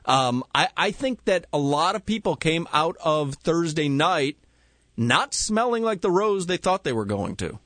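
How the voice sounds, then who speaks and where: A man's voice: fairly high pitch, big pitch swings, measured pace, fairly bright tone, dry recording. A man co-hosting sports talk radio, opinionated and teasing, close on a studio mic. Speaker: radio co-host.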